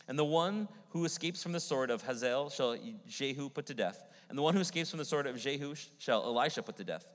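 A male pastor preaching a sermon, swinging between booming Bible reading and hushed, intimate passages. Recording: long hall reverb.

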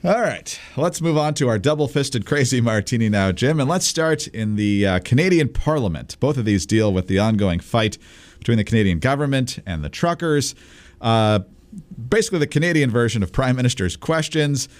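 A man's voice: mid-range voice, animated, moderate pace. Dry, sarcastic male co-host. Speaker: podcast co-host. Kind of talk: casual political commentary.

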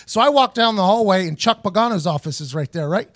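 A man hosting his podcast, telling a story in a casual, animated and profane way, laughing often. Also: high voice, fast talker, no room sound, clean studio sound. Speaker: host.

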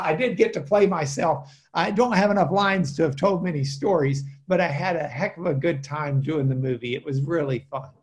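A man, a trial lawyer, telling animated stories as an interview guest, with many fillers and restarts. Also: high voice. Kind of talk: casual storytelling interview.

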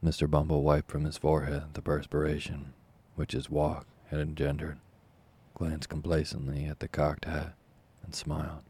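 A man narrating a classic novel as an audiobook in a measured, formal storytelling manner. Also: extremely low pitch, completely flat delivery, a little mellow, breathy edge.

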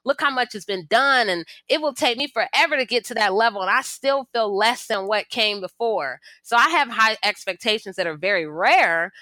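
Bright animated woman telling stories. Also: on the high side, moderate pace, hardly any pauses, dry recording. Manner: animated storytelling, acts out quoted voices. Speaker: historian and author, interview guest. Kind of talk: conversational interview answers.

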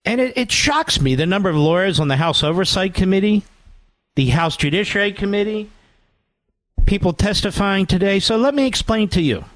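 A man's voice: high-pitched, animated, moderate pace, a bit bright, dry recording. A man hosting a talk radio show, delivering a combative, sarcastic monologue and mocking others in put-on voices.

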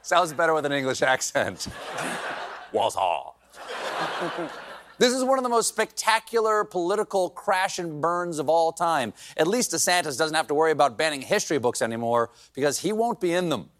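A man's voice: fairly high pitch, animated, brisk, few pauses, background noise. A man hosting a late-night show, delivering a comedic news monologue with sarcastic, mocking punchlines.

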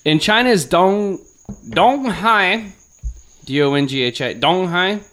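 Male podcast host, fairly high, lively pitch, joking banter. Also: slow pace. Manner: joking, animated, trails off into quiet asides. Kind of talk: casual comedic chat.

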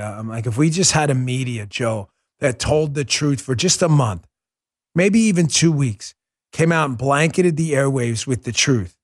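A man hosting a political podcast, reading ads and ranting in heated, mocking commentary. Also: medium pitch. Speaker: podcast host.

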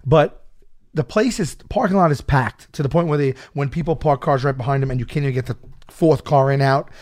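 A man telling a story in casual chat, animated and laughing often, acting out shouted quotes. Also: mid-range voice, brisk.

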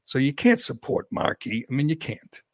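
A man's voice: mid-range voice, very animated, moderate pace, dry recording, clean studio sound. A middle-aged man giving blunt, opinionated commentary as a regular on a casual talk show.

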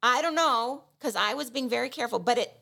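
Creaky-voiced woman telling a story. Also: a little high, fairly quick. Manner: animated, acts out voices of people in her story; self-mocking. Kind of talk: casual storytelling chat.

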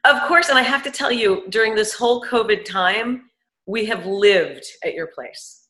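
A woman from Manhattan co-hosts a casual interview, chatty and enthusiastic, her voice bright and sharp. The sound is echoey, like a hard-walled room. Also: mid-range voice, moderate pace. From Upper East Side, Manhattan. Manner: chatty, laughs often, enthusiastic. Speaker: show co-host.

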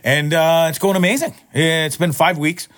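A man in an off-the-cuff rant that rambles and doubles back on its words. He swears freely, and his voice jumps upward whenever he gets worked up. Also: moderate pace. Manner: excitable, jumps up in pitch when worked up. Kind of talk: casual profane rant to camera.

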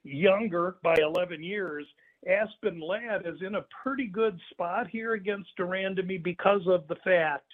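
A man breaking down a fight as a sports analyst, measured and halting with restarts. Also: sits high. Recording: phone-line audio.

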